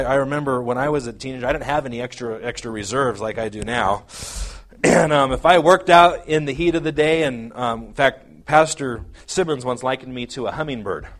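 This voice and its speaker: A man preaching a sermon, earnest and halting, often repeating words as he explains scripture and reads old-style verses aloud. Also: medium pitch. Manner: reads scripture aloud in King James wording. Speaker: pastor.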